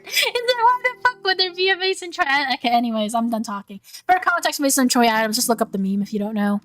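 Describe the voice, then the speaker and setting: A woman's voice: high voice, very animated, fast, few pauses, a bit bright, no room sound, faint music behind. A young woman streaming casual chat, stumbling over and repeating her words and laughing often. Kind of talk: casual chat, reading out chat messages.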